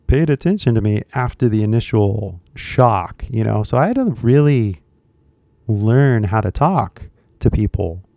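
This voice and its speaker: A man's voice: on the low side, gravelly, warm tone, dry recording. An American man, an English teacher, talking casually on a live stream and rambling with lots of "you know" and "like" fillers. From United States.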